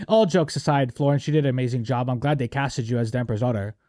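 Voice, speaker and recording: A man's voice: medium pitch, fast talker, hardly any pauses, no echo, clean studio sound. A young man hosting a casual movie review podcast, joking around and acting out quotes in silly voices. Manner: animated, jokey, acts out quotes in silly voices. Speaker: podcast host.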